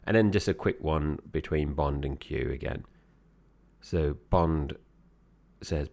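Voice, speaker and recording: A man's voice: a bass voice, slow, a little mellow. A man co-hosting a podcast, chatting easily about a film and tossing questions to his co-host. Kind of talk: casual film chat.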